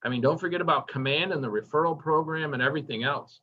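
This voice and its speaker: The dull lo-fi recording captures a man with a slightly high voice talking at a quick pace. As a workshop instructor, he delivers a casual, enthusiastic training lecture, chatting and asking the class questions along the way.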